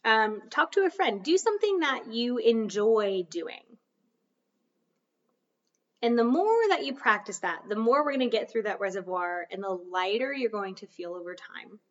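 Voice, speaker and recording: A woman's voice: fairly high pitch, lively intonation, normal speed. Chatty self-help podcast lady, kinda distant and muffled, keeps losing her train of thought. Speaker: podcast host.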